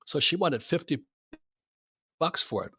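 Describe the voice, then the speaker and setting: A man's voice: a little high, measured pace, breathy edge, no room sound. An older man, a guest, telling a story with lots of animation and laughing at himself. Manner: lively anecdote teller, laughs at his own stories.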